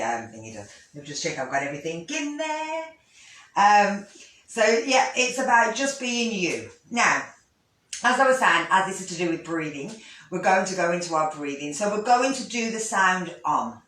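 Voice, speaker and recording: A woman, a yoga teacher gently guiding a breathing lesson, with pauses and restarts. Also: on the low side. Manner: gentle, instructive, with fillers and restarts. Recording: echoey room, voice from a distance.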